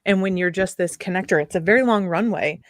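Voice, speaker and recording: Eager, rambling woman with a lowish voice. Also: fast, dry recording, studio quality. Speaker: guest entrepreneur. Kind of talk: casual enthusiastic talk.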